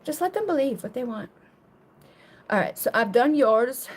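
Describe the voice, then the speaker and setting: A woman's voice: fairly high pitch, lively intonation, normal speed, slightly rough. Giggly, swearing woman with a raised voice. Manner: rambling, profane and laughing; playful silly vocal riffs. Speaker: tarot reader. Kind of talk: casual live-stream chat.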